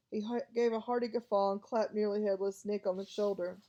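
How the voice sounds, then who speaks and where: A woman's voice: mid-range voice, brisk, few pauses, highs cut off. A woman narrating an audiobook, reading expressively. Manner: expressive, lively voices for each character. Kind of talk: storybook reading.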